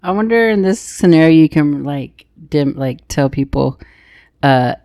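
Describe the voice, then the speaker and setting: A woman's voice: sits low, expressive, a little slow, dark tone, no echo, clean studio sound. A young woman co-hosting a podcast, chatting casually and teasing with lots of laughter. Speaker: podcast co-host. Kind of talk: casual chat.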